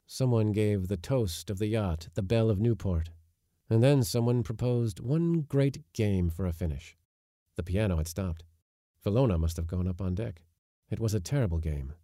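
A man narrating a literary short story in a measured storytelling way, lifting his voice for the lively moments. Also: lowish voice, no room sound, studio quality. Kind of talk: scripted audiobook narration.

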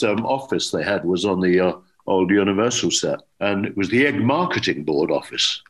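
An older man, an English actor, telling anecdotes in a relaxed interview and acting out quoted dialogue. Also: mid-range voice. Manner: lively storyteller, acts out quoted dialogue. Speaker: actor guest.

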